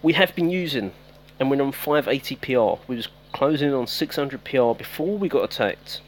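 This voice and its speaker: A man's voice: medium pitch, animated, fairly quick. Male streamer, talkative, greets chat, home mic with faint noise. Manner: chatty, talks to viewers by name, self-teasing. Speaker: game streamer. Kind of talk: casual live-stream commentary.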